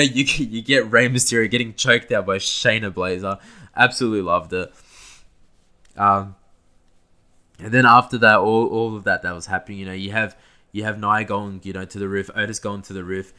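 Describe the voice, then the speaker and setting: Male podcast host, slightly low, tense and bright tone, loose and enthusiastic play-by-play. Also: steady tone, normal speed. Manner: rambling, enthusiastic play-by-play retelling. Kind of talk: casual wrestling event recap.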